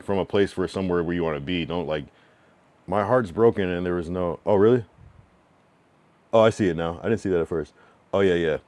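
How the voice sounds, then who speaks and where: Streamer man from New England, low voice, casual and blunt, chats with viewers and reads their messages out. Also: darkish tone, no echo. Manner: frank, loose, reads chat messages aloud and answers them; drawn-out slang-filled musing with many fillers. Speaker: livestreamer giving feedback to chat. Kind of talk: casual livestream chat.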